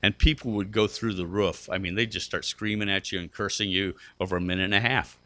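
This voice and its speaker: A man's voice: sits low, steady tone, fairly quick, sharp tone. A middle-aged man preaching a sermon, earnest and conversational, climbing to emphatic peaks with fillers and restarts. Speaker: pastor.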